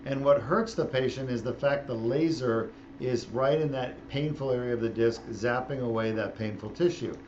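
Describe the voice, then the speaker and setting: A man's voice: mid-range voice, normal speed, few pauses, darkish tone, highs cut off, slight background noise. A middle-aged man, a spine surgeon, explaining his work in a casual, joking way while he operates. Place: operating room.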